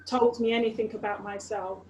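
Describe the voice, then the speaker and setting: A woman guest telling her story in a conversational interview, animated and peppered with "you know". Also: medium pitch, moderate pace, slight background noise. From Nigeria. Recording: echoey room.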